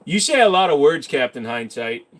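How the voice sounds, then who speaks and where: A man's voice: fairly high pitch, very animated, normal speed, fairly bright tone. A man hosting a casual livestream, reading out chat questions and answering them with loose, self-mocking jokes and detailed know-how. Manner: knowledgeable about handguns, explains in detail.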